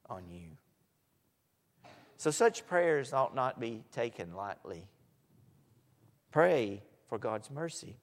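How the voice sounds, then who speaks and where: A man preaching a sermon, swinging from soft asides to loud, emphatic lines. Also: medium pitch. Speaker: pastor. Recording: echoey hall.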